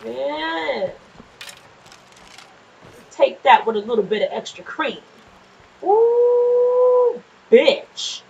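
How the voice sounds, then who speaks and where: A woman casually commenting on her gameplay, chatty and quick to swear, often laughing and talking back to the game's characters. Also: fairly high pitch, animated, creaky, darkish tone, muffled recording. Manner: nervous and jumpy in scary moments. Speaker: gameplay streamer. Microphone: desk microphone.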